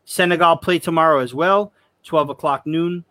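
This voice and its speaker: A man's voice: a little high, bright, forceful tone, no room sound. A young man co-hosting a football podcast, chatty and joking in casual talk. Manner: chatty, joking, quick restarts. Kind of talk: casual chat.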